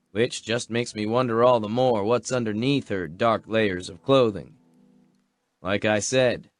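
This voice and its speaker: A man reads a first-person romance story in a measured, wry voice of middle pitch. His pace is slow and unhurried, and the recording is close and dry. Faint music plays underneath. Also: no echo. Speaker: audiobook narrator.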